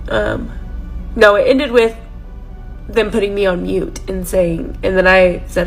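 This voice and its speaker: A woman's voice: medium pitch, measured pace, faint music behind, rough recording. A woman telling a storytime vlog with an exasperated tone. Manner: exasperated recounting.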